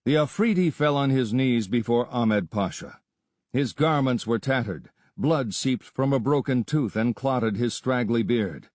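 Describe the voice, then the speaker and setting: A man's voice: mid-range voice, no echo. Man narrating an adventure audiobook. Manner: steady, measured storytelling. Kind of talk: scripted narration.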